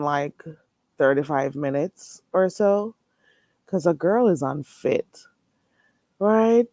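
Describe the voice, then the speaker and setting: Female vlogger, animated and chatty, very expressive pitch, dry sound. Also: no echo. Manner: animated, chatty, laughs often. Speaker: vlogger answering live chat. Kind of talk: casual chat to viewers.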